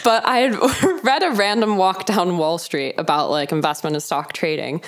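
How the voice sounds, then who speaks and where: A woman's voice: fairly low pitch, normal speed. A young woman with a Southern American accent, co-hosting a casual chat and telling stories with lots of laughter. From Southern United States. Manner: animated storytelling, laughs often, acts out quoted voices. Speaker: podcast co-host.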